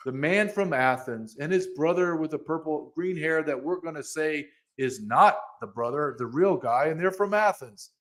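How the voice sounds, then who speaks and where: A man's voice: on the high side, animated, moderate pace, few pauses, a bit bright. A man hosting a podcast, ranting angrily in heated commentary, with frequent restarts and repeated words. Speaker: podcast host.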